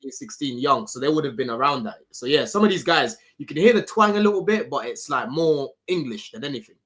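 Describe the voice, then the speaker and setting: A man's voice: mid-range voice, animated, brisk, fairly bright tone. A man chatting about football in a slangy, laid-back way, chuckling as he talks. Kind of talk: casual football chat.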